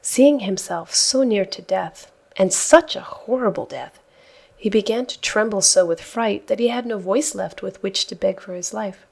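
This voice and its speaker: A woman reading a children's audiobook in a soft, hushed storytelling manner. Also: mid-range voice, moderate pace, creaky. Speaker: audiobook reader. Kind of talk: scripted narration.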